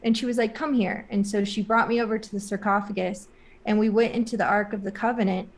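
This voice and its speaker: A woman speaks as a guest in an interview, retelling a personal experience in a loose, rambling way. Her voice sits at a middle pitch, and her speech is full of "like" and "um" as she talks earnestly and emotionally. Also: flat delivery, fast. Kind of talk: casual spoken storytelling.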